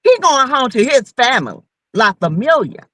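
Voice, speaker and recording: High, lively sassy woman scolding. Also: normal speed, dry recording. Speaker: co-host. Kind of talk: casual gossip chat.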